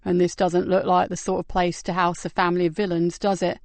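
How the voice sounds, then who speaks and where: A woman narrator voicing a courteous, observant male detective who speaks calmly and formally. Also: high voice, brisk, smooth, no room sound.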